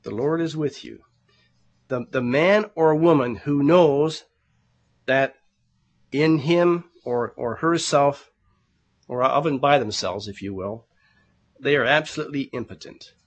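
A man's voice: medium pitch, measured pace, long pauses, lo-fi sound. A man preaching a sermon in an earnest, conversational way. He calls the congregation brethren and often repeats words while he searches for the next one. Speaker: pastor.

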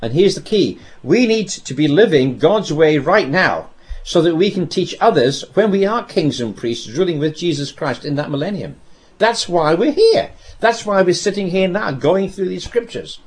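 Animated male preacher, lively pitch. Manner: animated storytelling with dramatic pauses and repetition. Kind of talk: sermon.

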